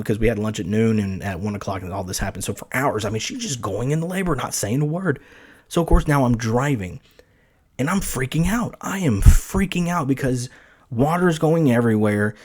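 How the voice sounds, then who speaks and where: A young man hosting a podcast, telling a story in a casual, animated way and acting out the quoted lines with big jumps in his voice. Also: lowish voice. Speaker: podcast host.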